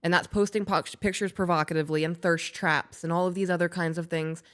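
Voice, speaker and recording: A woman's voice: on the low side, steady tone, fast talker. Blunt, profane woman podcast co-host. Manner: blunt, profane, laughing while storytelling. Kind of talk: casual podcast chat.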